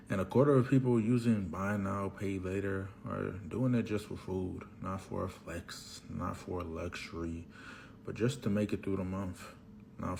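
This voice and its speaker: A man's voice: low-pitched, creaky, noisy background. A man giving earnest, explanatory commentary with a scripted delivery.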